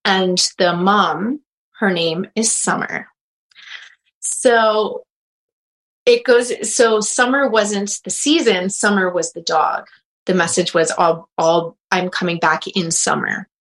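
A woman who works as a medium and animal communicator, telling a story in a casual interview and acting out the quotes with big jumps in pitch. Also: fairly even intonation, slow, fairly bright tone, rough recording.

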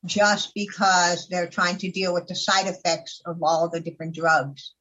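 A woman's voice: on the low side, fairly even intonation, unhurried, fairly bright tone, rough recording. A woman herbalist from California chatting as a radio guest, telling stories emphatically with many restarts. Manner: storytelling, emphatic, with repeated starts. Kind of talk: casual radio chat.

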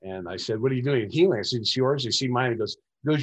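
A man's voice: medium pitch, brisk, few pauses, muffled recording. Man telling a rambling story. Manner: rambling storyteller, acts out quoted dialogue. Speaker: interview guest. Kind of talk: recounting personal experiences.

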